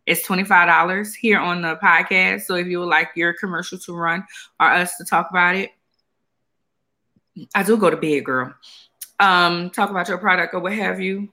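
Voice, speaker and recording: A woman's voice: on the low side, fairly even intonation, normal speed, sharp tone. A woman co-hosting a podcast in casual chat, rambling with fillers and sounding tired. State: tired, yawning. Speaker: podcast co-host.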